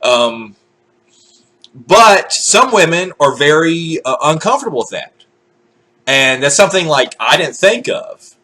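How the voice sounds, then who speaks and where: Husky, lively-voiced man ranting. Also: fairly high pitch, measured pace, long pauses. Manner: profane, animated, acts out quoted voices. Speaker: vlogger. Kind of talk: casual ranting monologue.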